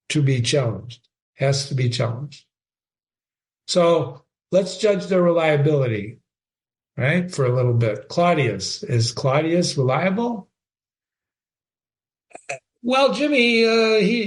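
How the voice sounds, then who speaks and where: A man giving an informal literature lecture as a teacher, emphatic and chatty, repeating phrases for stress. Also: medium pitch.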